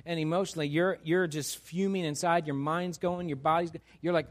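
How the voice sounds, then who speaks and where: A male pastor delivers a sermon to his congregation. His voice sits high, and he talks animatedly, putting on the voices of the people he describes. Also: normal speed, few pauses. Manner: animated, acts out quoted voices. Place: church sanctuary.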